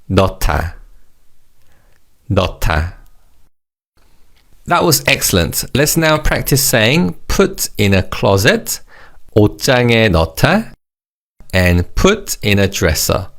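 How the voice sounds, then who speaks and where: Male language teacher, low gravelly voice with a lively up-and-down delivery, measured drill pacing, brief praise. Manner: slow English explanations and repeated target words; upbeat praise after each drill. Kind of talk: scripted vocabulary lesson.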